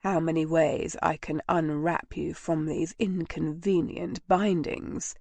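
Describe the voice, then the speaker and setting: A woman reading a storybook nobleman lover, giving him a low, soft, intimate delivery. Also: fairly even intonation, slow, creaky, no room sound, exaggerated voice. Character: male nobleman lover, tender and commanding.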